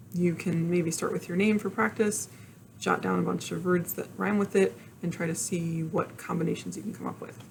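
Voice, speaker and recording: Gravelly-voiced woman teaching poetry. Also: on the low side, slight background noise. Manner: friendly, explains step by step with many ums. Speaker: librarian leading a teen program. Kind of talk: casual online workshop talk.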